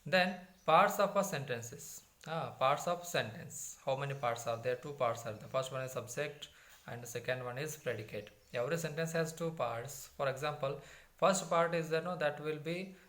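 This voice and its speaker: A man's voice: on the high side, normal speed, fairly bright tone. A man with an Indian English accent teaching a grammar lesson, repeating and rephrasing each point with many fillers and restarts. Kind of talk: grammar lesson explaining from a textbook.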